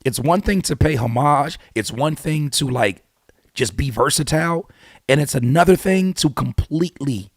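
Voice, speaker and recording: A man hosting his own channel, giving blunt, animated hip-hop commentary full of rhetorical questions and casual swearing. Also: medium pitch, moderate pace, no echo, studio quality. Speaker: YouTube host and rapper. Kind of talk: opinionated music commentary.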